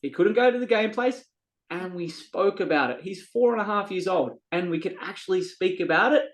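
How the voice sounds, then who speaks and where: An Australian men's coach, appearing as a podcast guest, speaks earnestly and from the heart in a casual, storytelling manner, sometimes repeating words while searching for them. His voice sits high and is expressive at a moderate pace, and the recording is rough.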